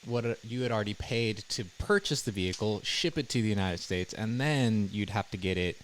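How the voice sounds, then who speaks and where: A man's voice: lowish voice, brisk, slight background noise. Laid-back male podcast host. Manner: short reactions, swears, laughs along. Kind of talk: casual interview chat.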